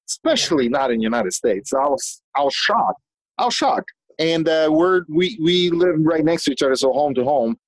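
A man telling stories as a guest in a casual conversation, animated and talkative, often restarting his sentences. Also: medium pitch, dry recording, low-quality recording. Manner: swears casually. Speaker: guest, business owner.

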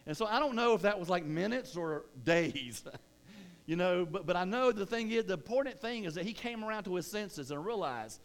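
A man preaching a sermon as pastor, with energetic, conversational delivery full of restarts. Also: sits high, a little fast.

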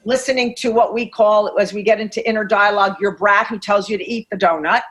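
A woman's voice: mid-range voice, fairly even intonation, fairly bright tone, poor audio. A middle-aged woman coach talking in a podcast interview, emphatic and blunt, swearing freely and acting out inner voices. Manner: acts out inner voices in quick asides. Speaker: master coach, podcast guest.

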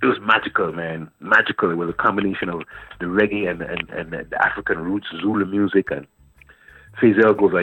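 Man from Antigua, fifties, guest poet, animated storyteller, low voice, narrow phone-like sound. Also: fairly quick, husky, no echo. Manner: animated storyteller, repeats words and phrases. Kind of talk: radio interview storytelling. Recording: dry phone-like radio line.

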